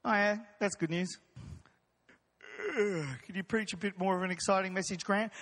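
A man preaching a lively, jokey sermon as pastor, acting out voices of his congregation. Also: very high-pitched, moderate pace. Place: church hall. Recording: long hall reverb.

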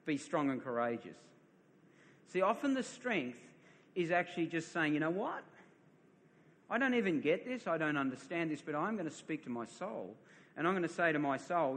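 A middle-aged man preaches in a high, bright voice, telling a personal story and often repeating his words as he builds up. His voice rings out with a long reverb, as in a large hall. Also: big pitch swings, normal speed. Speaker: pastor. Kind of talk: sermon.

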